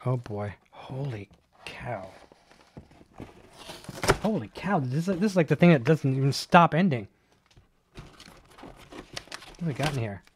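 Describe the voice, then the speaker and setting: A man hosting a live online show, chatting casually and excitedly while unboxing, with many fillers and restarts. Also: mid-range voice, measured pace, long pauses, background noise. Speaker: host of a live gear show.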